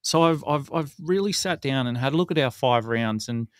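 Man, sports podcast co-host, chatty, smooth clear voice, dry sound. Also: medium pitch, moderate pace, dry recording. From Australia. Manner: chatty, rattles off stats, self-mocking. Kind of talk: casual sports podcast chat.

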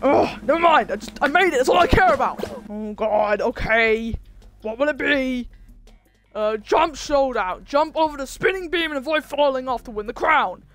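A woman voicing a hot-tempered cartoon animal who yells and rages at losing, in a fan role-play over gameplay. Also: high voice, animated. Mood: chatty. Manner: yelling, quick to rage at losing.

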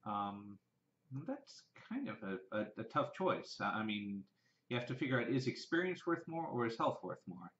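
Southern man, low-ish voice, vlogger thinking aloud, roomy lo-fi sound. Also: sing-song, moderate pace, a bit bright. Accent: Southern American. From American South. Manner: rambling, with many restarts and fillers. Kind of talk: casual thinking-aloud monologue. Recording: roomy and dull, lo-fi.

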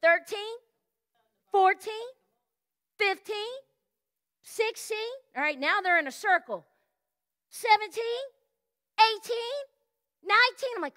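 Female pastor, very high bright voice, lively storytelling sermon with shouts and sung lines. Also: slow, long pauses. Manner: animated storytelling sermon, exclamations, sings snippets. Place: church sanctuary.

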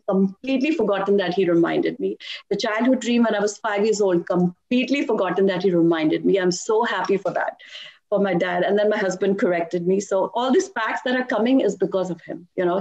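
Animated woman telling devotional stories. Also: mid-range voice, lo-fi sound. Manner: animated storytelling with frequent laughs. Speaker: devotee sharing testimony. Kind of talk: personal testimony talk.

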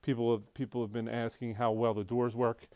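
A man's voice: mid-range voice, little pitch movement, a little fast, mellow, clear, resonant tone. Man giving a chatty showroom walkthrough. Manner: chatty, enthusiastic, many fillers and restarts. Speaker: auction house staff giving a walkthrough. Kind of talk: casual walkthrough narration. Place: indoors in a large auction showroom.

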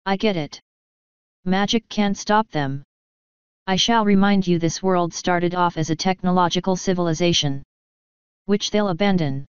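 A woman's voice: lowish voice, moderate pace, smooth, no echo, close to an everyday voice. A woman voicing a proud, commanding female pony sorceress with haughty, formal speech, in a slightly dull, dry recording. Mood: imperious.

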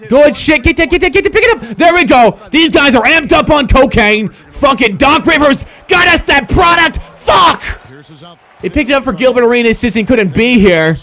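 Young guy streaming a basketball game, high voice, super animated, yelling and cursing at the players. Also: moderate pace, soft background music. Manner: excitable, swearing, shouting at players. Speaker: gaming streamer. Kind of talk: casual game commentary.

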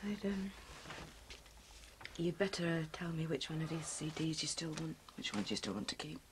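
A woman's voice: sits low, lively intonation, normal speed, noisy background. An actress playing a weary, exasperated middle-aged wife who is leaving her husband, in a TV drama.

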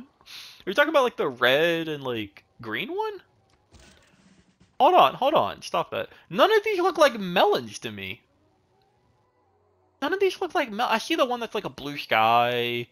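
A man's voice: a little high, huge pitch swings, moderate pace, a bit bright. A young man giving rambling, casual commentary while he plays a strategy game, chatting at his units. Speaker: gaming channel host.

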